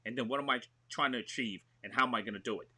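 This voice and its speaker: A man, an actor talking excitedly in a remote interview, full of "you know what I mean". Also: medium pitch, rapid-fire, husky. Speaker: actor and show host, guest. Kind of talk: animated conversational interview.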